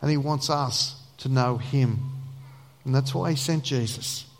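A man's voice: mid-range voice, measured pace, vocal fry. Earnest male preacher with reverb. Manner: earnest, emphatic preaching, dropping to a soft prayer voice. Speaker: pastor. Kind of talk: sermon.

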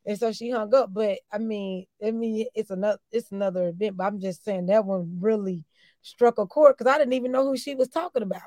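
A woman in her forties, co-hosting a casual podcast chat, animated and quick to act out the people she quotes. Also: medium pitch, dry recording. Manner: animated, acts out quoted callers, laughs easily. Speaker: co-host.

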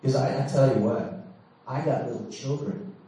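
A man's voice: medium pitch, moderate pace, warm tone. A middle-aged man preaching, telling a candid personal story with laughs and dramatic swings. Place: large church hall. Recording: echoey hall, mic from far off.

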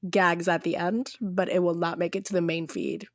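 A woman's voice: on the low side, little pitch movement, moderate pace, dry recording, clean studio sound. A young woman co-hosting a casual podcast, teasing her co-host playfully and laughing often.

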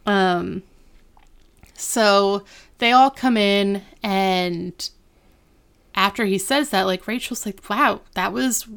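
A young woman co-hosting a podcast, retelling a TV episode in quick, casual chat full of "like.". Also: mid-range voice, a bit bright, clean tone. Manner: chatty, quick retelling with lots of "like". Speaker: podcast co-host.

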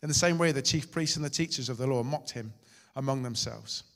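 Male pastor, sermon, dramatic swings from forceful to hushed, long hall reverb. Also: medium pitch, a little fast, hardly any pauses. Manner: dramatic, shifting loud and soft.

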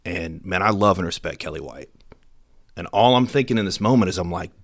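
A middle-aged man, a police officer telling an animated, self-deprecating story to an audience in a casual way. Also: sits low, a little fast.

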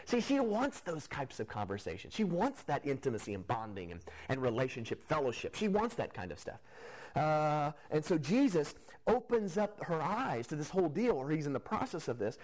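A man preaching a sermon at a middle pitch. He talks conversationally, walking listeners through a Bible passage, and now and then lifts his voice for emphasis. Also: animated, moderate pace, darkish tone, poor audio. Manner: conversational preaching, rising emphatically at key points. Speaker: pastor.

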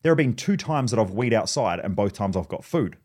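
A man's voice: lively intonation, brisk, darkish tone, slightly rough. A man voicing a pet dog that thinks aloud, puzzled about its rewards. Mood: figuring it out. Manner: puzzled, musing, low-key.

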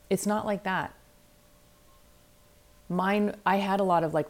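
Middle-aged woman, low voice, life coach hosting a candid, reflective solo podcast. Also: fairly even intonation, normal speed, a little mellow. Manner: candid, reflective, acts out her own inner voices. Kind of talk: solo self-help podcast talk.

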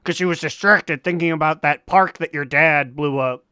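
Smooth, slightly high-voiced man. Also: pushed and bright, dry recording, clean studio sound. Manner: wry, quick jokey asides. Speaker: podcast co-host. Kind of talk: casual chat.

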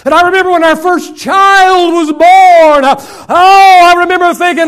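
High-voiced middle-aged pastor preaching. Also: male voice, steady tone. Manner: swings between loud shouted emphasis and soft, hushed asides; drawn-out, slowed phrases for emphasis. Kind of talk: sermon.

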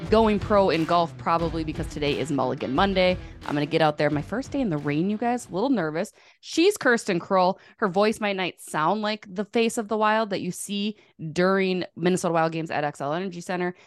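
Woman hosting a hockey podcast, kinda low voice, laughs a lot, dry close mic. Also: no room sound, faint music behind. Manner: chatty, quick to laugh. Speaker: podcast host and sports writer. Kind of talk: casual podcast chat.

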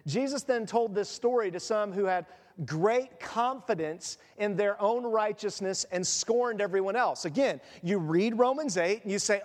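A man with a high, bright voice delivers a sermon, joking and acting out the people in his stories. The sound carries a long reverb, as if recorded in a large church hall. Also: normal speed. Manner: animated, jokey, acts out quoted voices. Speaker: pastor.

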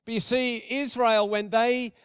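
Middle-aged male pastor, high clear voice, dry and close, preaches casually with emphatic repetition. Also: flat delivery, a little slow, dry recording. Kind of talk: sermon.

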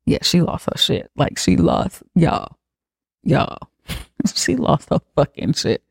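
A podcast host giving a comic, profane recap of a film, acting out the characters' lines with lively swings. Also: mid-range voice, slow pace, vocal fry, husky, no echo, studio quality. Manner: profane, animated retelling with acted-out quotes.

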